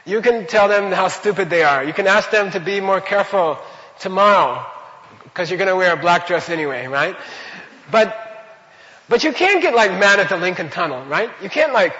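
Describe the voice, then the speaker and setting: A man's voice: sits high, lively intonation, normal speed, pushed and bright, in a large hall, lo-fi sound. A man teaching a Buddhist class in a loose, conversational way, full of rhetorical questions and repeated phrases.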